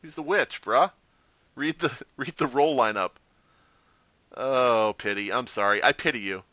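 A man commenting on his own game as he plays, sarcastic and quick to swear, with loud reactions. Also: mid-range voice, no echo. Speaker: gaming channel host. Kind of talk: gameplay commentary. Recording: dry, slightly muffled home recording.

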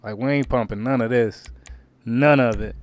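A man streaming a crime roleplay game, talking in character to his viewers in heavy slang and frequent swearing, swinging between low grumbles and loud outbursts. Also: normal speed, no echo. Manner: slangy, swears a lot, keeps calling out to viewers.

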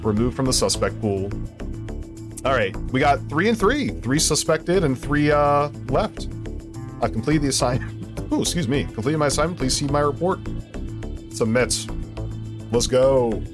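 A young man commenting on a game he plays, excitable and goofy, often laughing. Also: medium pitch, normal speed, long pauses, over music. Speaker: gaming video host. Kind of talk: let's play commentary.

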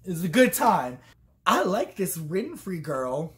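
A woman's voice: lowish voice, very animated, a little slow. A tipsy woman vlogger giving a rambling comic review, swearing freely and acting out quotes along the way.

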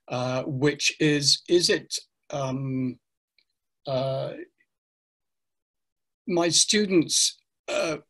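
An older man, a teacher trainer, speaking in an online interview with animated, hesitant explanations full of fillers. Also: fairly high pitch.

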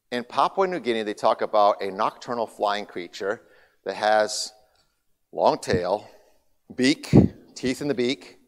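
Man speaking in a reverberant hall. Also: mid-range voice. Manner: lively storyteller, grows loud and excited in anecdotes. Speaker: guest speaker. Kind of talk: church seminar talk.

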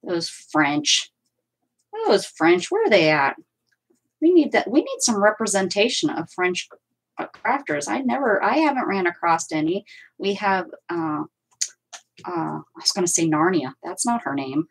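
A woman hosts a crafting livestream from home with her cats, chatting casually and rambling while she works and answers viewer comments. Her voice is lowish and husky with big pitch swings and a measured pace, and the audio is poor.

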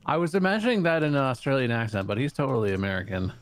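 A man's voice: mid-range voice, very animated, racing, no echo. A man co-hosting a casual gaming podcast, teasing his friends with crude jokes. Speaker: podcast co-host.

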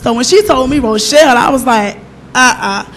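A woman's voice: on the high side, moderate pace, a bit bright, a little hiss or hum. A middle-aged woman giving a personal testimony at a church service, telling her story with animation and acting out the lines of the people in it.

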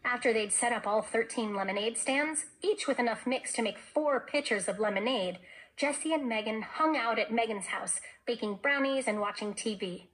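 A woman teacher reads a children's novel aloud to her class. Her delivery is expressive, and her voice sits fairly high. She tells the story like a storyteller, shaping each line. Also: moderate pace, low-quality recording.

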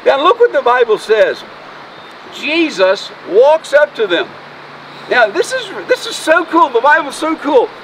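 A man's voice: extremely high pitch, very animated, measured pace, fairly bright tone. A man preaching an Easter sermon outdoors as pastor, folksy and emotional, joking with his congregation. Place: outdoors by a road. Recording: distant mic, faint noise.

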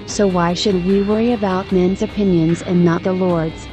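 A woman's voice: lowish voice, steady tone, normal speed, music in the background. A woman narrating a religious testimony in earnest, exhorting tones.

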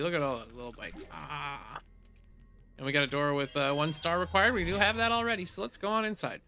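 A man gives casual let's play commentary, chatting as he plays, reading the game's text aloud, and making goofy hums and sound effects. His slightly high male voice is very bright and forceful, fairly quick and gravelly. A little hiss or hum can be heard.

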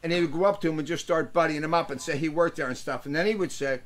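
An older man hosting a casual show, telling rambling stories and breaking into loud voices for the people in them. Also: a little high, very fast. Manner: rambling, animated storyteller, swings into loud character voices. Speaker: host. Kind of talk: casual storytelling chat.

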